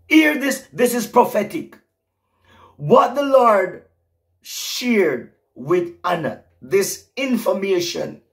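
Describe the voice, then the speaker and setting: A middle-aged man preaching an emotional prophetic sermon, rising to fervent exclamations. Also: high-pitched.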